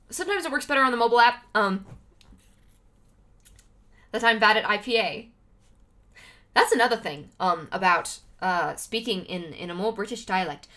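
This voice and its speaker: A woman's voice: mid-range voice, animated, normal speed, long pauses, a bit bright. A woman livestreaming, chatting casually to her viewers with lots of fillers and laughs. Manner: laughs often between remarks.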